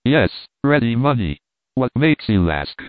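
A man's voice: medium pitch, sing-song, a little slow, no room sound. A man voicing a brusque, impatient army captain who speaks curtly in a story reading. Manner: curt, commanding. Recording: dry tinny phone-like sound.

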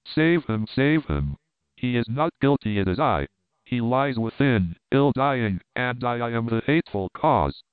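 A man's voice: medium pitch, very animated, unhurried, smooth, dry recording. A man voicing a blind young slave girl who pleads in an impassioned way, in a storybook reading. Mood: pleading. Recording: tinny phone-like sound.

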